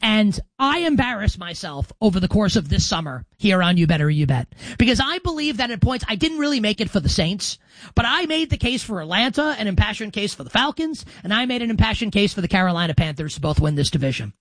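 A man in his thirties hosting a football predictions show, brash and animated, swinging from loud to soft for emphasis. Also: sits high, quick pace, dry recording. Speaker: sports radio host.

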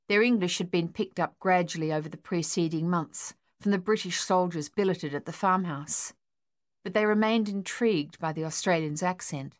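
A woman reading a novel aloud as an audiobook narrator, in a measured, even storytelling manner. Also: on the low side. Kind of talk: scripted narration.

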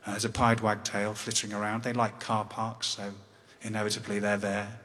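An English man in his fifties telling a personal story on stage in a wry, conversational way with halting restarts. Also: on the low side, monotone, fairly bright tone. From England. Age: 50s. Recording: long hall reverb.

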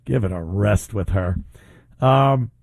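A man's voice: lowish voice, slow pace, vocal fry, dry recording. A man hosting his own commentary show, talking in a sarcastic, mocking way. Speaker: podcast host. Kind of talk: opinionated commentary.

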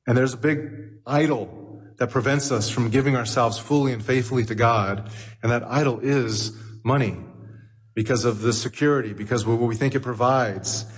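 A pastor preaching a sermon in a church, emphatic and repeating phrases for effect. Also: male voice, mid-range voice, normal speed, breathy edge. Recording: long hall reverb.

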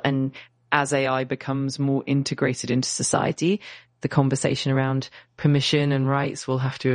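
A text-to-speech woman's voice with an English accent and a bright, clear tone, answering in an agreeable, polished way. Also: rumbling low, no echo, clean studio sound. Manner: agreeable, polished, evenly measured. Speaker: AI voice assistant. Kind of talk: conversational chat.

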